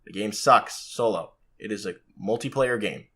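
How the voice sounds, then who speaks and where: A man's voice: fairly low pitch, moderate pace, fairly bright tone, breathy edge. A man co-hosting a podcast, talking at length and defending his view with enthusiasm in casual chat. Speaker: podcast co-host.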